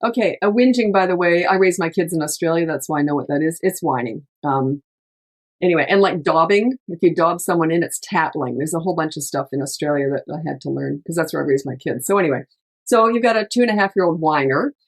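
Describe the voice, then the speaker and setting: A middle-aged woman coaching parents in a relaxed podcast chat. Her voice sits low for a woman, and she talks in an emphatic, chatty way, slipping into little acted-out lines. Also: fast talker. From Canada. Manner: chatty, emphatic, laughs often, acts out quotes. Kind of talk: casual advice chat.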